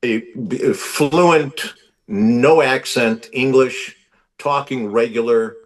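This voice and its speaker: Slow, measured man telling a story. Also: medium pitch, far from the mic. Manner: measured, pausing with fillers. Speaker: guest telling a celebrity story.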